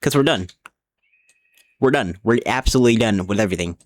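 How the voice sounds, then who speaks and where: A man's voice: fairly low pitch, expressive, a little fast. Rambling, swearing drunk male streamer. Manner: rambling, swearing, repeating himself as he plays. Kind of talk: casual live gaming commentary.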